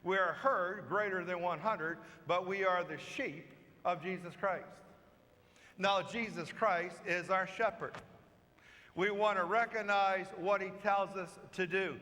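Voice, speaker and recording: A priest preaches a homily, telling a story at a slow, emphatic pace. His voice sits high for a man. A long church reverb trails after each line. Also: bright, forceful tone. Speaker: parish priest. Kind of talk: sermon.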